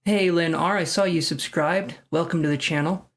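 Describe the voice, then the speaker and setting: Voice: mid-range voice, fairly even intonation, normal speed. A tarot reader hosting a casual live stream from home, chatting with viewers by name and making jokes at their own expense. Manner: chatty and self-joking, addressing viewers by name.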